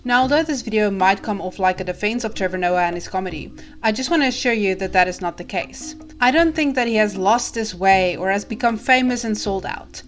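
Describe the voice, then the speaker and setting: A woman reading scripted commentary in a measured, deliberate, argumentative way. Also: mid-range voice, soft background music. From South Africa. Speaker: YouTube commentator.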